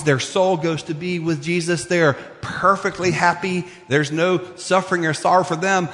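A man preaching a sermon as pastor, with a conversational, animated manner and plenty of fillers. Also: on the high side. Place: church sanctuary. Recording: long reverb of a church hall.

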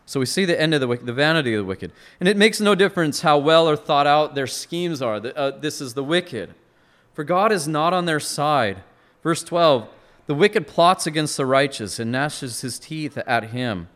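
A man's voice: a little high, lively intonation, normal speed, fairly bright tone. A man preaching a sermon, earnest and expository, rising to emphatic peaks and often restarting his words. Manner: frequent restarts and repeated words.

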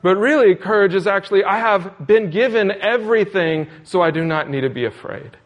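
A man's voice: high-pitched, brisk, muffled recording. A man preaching a sermon in an earnest, repetitive cadence, asking questions as he goes. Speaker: pastor.

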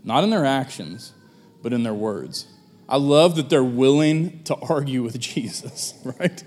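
A man preaching a sermon as pastor, relaxed and conversational, with folksy asides. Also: mid-range voice, measured pace.

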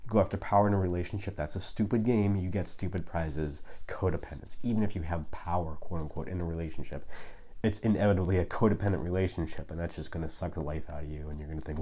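Man, 30s, deep mellow voice, casual rambling advice host with a self-deprecating streak. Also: steady tone, brisk. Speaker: video host giving life advice. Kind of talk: casual monologue.

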